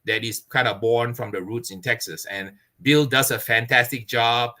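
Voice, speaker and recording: A man's voice: mid-range voice, fairly even intonation, moderate pace, sharp tone. A man, a barbecue pitmaster, chatting as an interview guest, earnest and expansive, laughing often. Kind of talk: casual interview chat.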